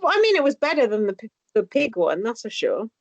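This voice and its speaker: A woman's voice: fairly high pitch, fast talker, gravelly, no room sound. A woman co-hosting a podcast, chatting casually and giggling as she recaps a reality show. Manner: giggly, swearing, animated. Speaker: podcast co-host. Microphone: remote call mic. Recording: dull, dry lo-fi remote recording.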